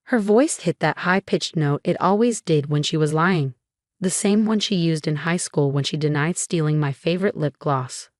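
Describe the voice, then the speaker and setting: A woman telling a dramatic first-person story in an expressive narrating style. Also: low-pitched, moderate pace, no echo, clean studio sound.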